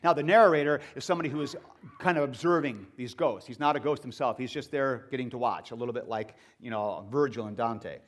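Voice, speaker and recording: A man, a seminary professor, giving a lively lecture to an audience with enthusiastic, chatty asides. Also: mid-range voice, fairly quick. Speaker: seminary professor speaking at a gathering.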